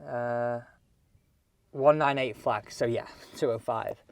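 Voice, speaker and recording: A man chatting excitedly as he reviews golf clubs outdoors on a course. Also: medium pitch, slow, creaky, no room sound. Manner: chatty, excitable, thinking aloud. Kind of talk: casual on-course commentary.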